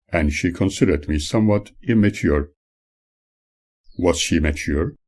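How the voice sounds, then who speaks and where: Low husky male memoir reader. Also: darkish tone. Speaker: author narrating his memoir. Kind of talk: audiobook memoir reading.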